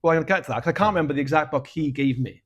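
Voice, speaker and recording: A Welsh man with a fairly high speaking voice rambles through a personal story on a podcast. He is frank and casual, swears often, and laughs at his own dark jokes. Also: very fast, highs cut off. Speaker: podcast co-host.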